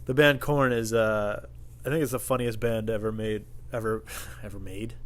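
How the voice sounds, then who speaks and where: A man's voice: on the low side, fairly even intonation, moderate pace, slight background noise. Guy rambling on his podcast, swears a ton, laughs at his own bits. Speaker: podcast host. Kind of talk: casual comedic monologue.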